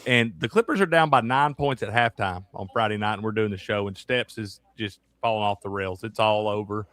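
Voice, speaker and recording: A man's voice: lowish voice, fairly quick, a bit bright. A man hosting a casual sports betting chat, rowdy and profane, teasing his co-hosts. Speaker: sports show host.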